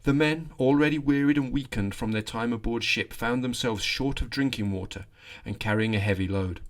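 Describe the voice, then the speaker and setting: A man hosting a history podcast, narrating a scripted story with lively delivery and wry asides. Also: mid-range voice, moderate pace.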